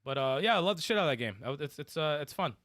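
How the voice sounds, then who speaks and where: A man co-hosting a video game podcast, talking in an animated, laughing way and swearing freely. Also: a little high, racing, no echo, clean studio sound. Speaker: podcast co-host. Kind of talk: casual chat.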